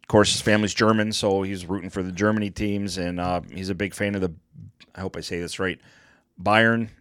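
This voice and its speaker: Low-voiced man in crude sports banter. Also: flat delivery, fast talker, a bit bright, clear, resonant tone, no echo, clean studio sound. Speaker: podcast co-host. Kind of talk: casual sports chat.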